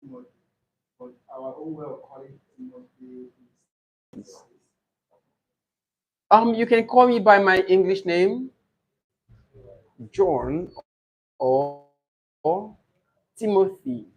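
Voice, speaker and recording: Guy coaching for an english speaking exam, slightly high voice, goes over the answers again and again. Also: animated, creaky. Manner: explains slowly, repeats model answers aloud. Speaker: IELTS tutor. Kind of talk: teaching English exam preparation.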